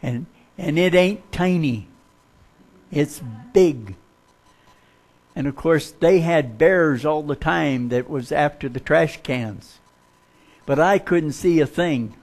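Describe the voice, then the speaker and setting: A man preaching a sermon, telling folksy stories with humor and dropping to a hushed voice for suspenseful parts. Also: on the high side, slow, pauses often.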